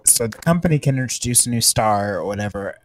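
A man's voice: lowish voice, animated, quick pace. A man co-hosting a casual discussion, talking in a chatty way with frequent "like" asides.

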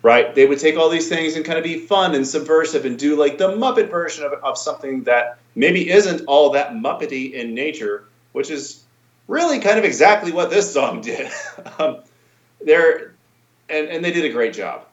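A man's voice: fairly high pitch, animated, normal speed. Male co-host in a roomy, dull recording. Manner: rambling, thinking aloud with fillers. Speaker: podcast co-host. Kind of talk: casual podcast chat. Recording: roomy, dull home mic.

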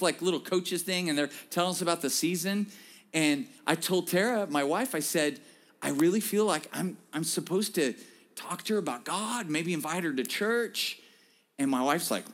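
High-voiced pastor preaching with big swings. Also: male voice. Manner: storytelling with swings from hushed to shouting. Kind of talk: sermon.

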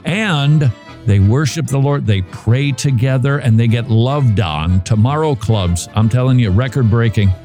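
A man's voice: mid-range voice, unhurried, dark tone, faint music behind. A man hosting a Christian talk radio show, speaking emphatically and often repeating himself. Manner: emphatic, repeats phrases, restarts mid-sentence.

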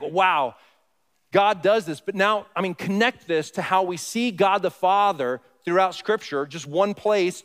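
Pastor preaching in an echoing church. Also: male voice, high-pitched. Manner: conversational, asks the congregation questions. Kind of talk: sermon. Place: church sanctuary. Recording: long reverb of a church hall.

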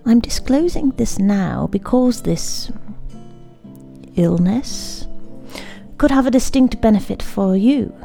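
Casting: female bedtime story reader, slow and soft, half-whispered, gravelly. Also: medium pitch. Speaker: podcast host and reader.

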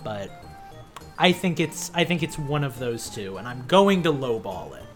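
A man's voice: medium pitch, big pitch swings, moderate pace, faint music behind. A man playing a price-guessing game, rambling and teasing in casual banter. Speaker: contestant.

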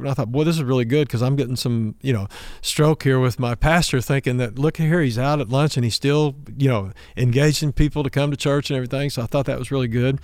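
A man's voice: mid-range voice, steady tone, fast talker, darkish tone, no room sound, clean studio sound. Man preaching a story-filled sermon. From Oklahoma. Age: middle-aged. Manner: acts out dialogue in his stories, raising his voice for the quoted lines. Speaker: pastor.

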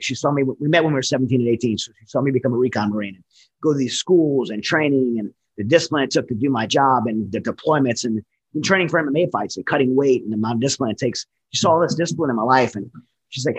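Fast-talking husky man telling his story. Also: mid-range voice, rough recording. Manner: earnest and candid, with frequent restarts. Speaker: military veteran guest. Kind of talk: personal testimony in a conversation.

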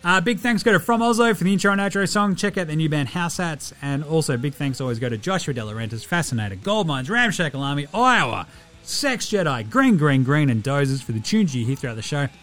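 A man with an Australian accent, hosting a podcast and reading ads and thanks quickly and cheekily. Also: on the high side, animated, fairly bright tone. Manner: rapid, cheeky, slangy. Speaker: podcast host. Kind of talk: quick ad read and show sign-off.

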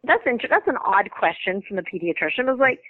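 A woman comedian telling anecdotes as a guest, lively and quick to laugh. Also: mid-range voice, no room sound, narrow, tinny audio. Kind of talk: casual storytelling interview.

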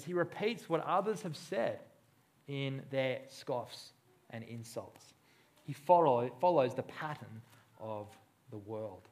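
A man's voice: a little high, unhurried. A man preaching a sermon in a conversational way, acting out the voices he quotes. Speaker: pastor.

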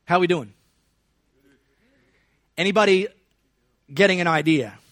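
A man preaching a sermon in a relaxed, conversational way, with joking asides to the congregation. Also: sits high, a little slow, no room sound, clean studio sound. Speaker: pastor.

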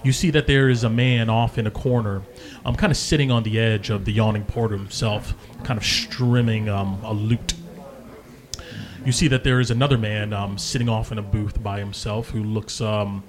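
A man's voice: on the low side, fairly even intonation, normal speed, crowd noise. A man narrating as game master, casual and full of fillers. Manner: casual, many ums and hedges.

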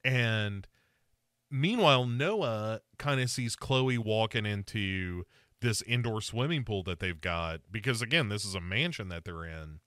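Man, podcast host, lowish pitch, bright tone, dry sound. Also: animated, a little slow, no room sound. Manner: wry, recaps plot with mock quotes. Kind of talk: casual movie review chat.

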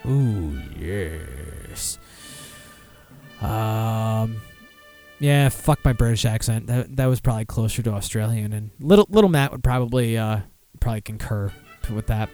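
This podcast host speaks on the low side at a measured pace, with faint music in the background. He reads food and beer pairings aloud in a loose, chatty way, profane and lively, often stopping to add remarks.

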